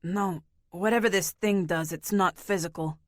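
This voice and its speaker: A woman voicing a weary grown man surviving in a wasteland, speaking low and terse. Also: normal speed, no room sound, studio quality, close to an everyday voice. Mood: shaken.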